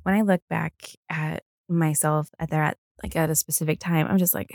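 A young woman hosts a solo podcast in a low, gravelly voice. She sounds tired and yawns now and then. She rambles on casually with lots of fillers and easy swearing. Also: fairly even intonation, moderate pace, a little mellow, dry recording, clean studio sound. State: tired, yawning. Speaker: podcast host.

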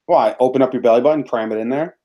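A man's voice: medium pitch, fast, mellow. Teasing man chiming in. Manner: teasing, dry interjections. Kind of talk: casual chat.

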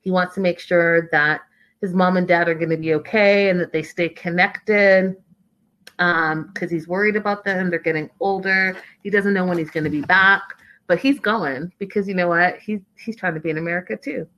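A woman's voice: on the low side, steady tone, moderate pace, fairly bright tone. A woman giving a casual, opinionated recap of a reality TV show, stressing points by repeating words.

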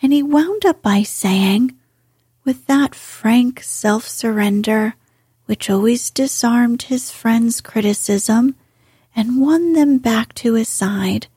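A woman reading a classic storybook aloud in a soft, whispered manner. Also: on the high side, dry recording, clean studio sound. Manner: soft, breathy and slow.

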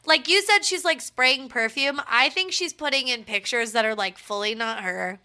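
A woman's voice: high-pitched, normal speed, bright, forceful tone. A tipsy young woman co-hosting a podcast, chatting casually and crudely, laughing often. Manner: crude joking, laughs often, puts on silly voices. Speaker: podcast co-host. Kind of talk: casual chat.

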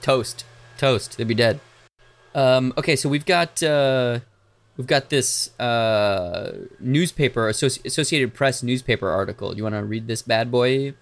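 A man's voice: mid-range voice, normal speed, gravelly. Casual male podcast host. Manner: animated storytelling, acting out shouted quotes with profanity. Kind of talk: casual true-crime podcast chat.

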